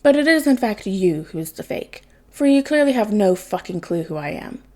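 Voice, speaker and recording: A woman's voice: medium pitch, very animated, moderate pace, a little mellow. A woman reading the part of a cocky young man who is posing as a masked vigilante, smug and theatrical.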